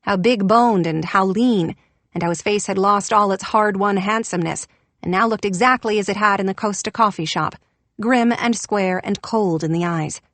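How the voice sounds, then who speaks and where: A woman reading a first-person novel as an audiobook narrator, expressive and lifting her voice for quoted lines. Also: medium pitch, normal speed, no echo.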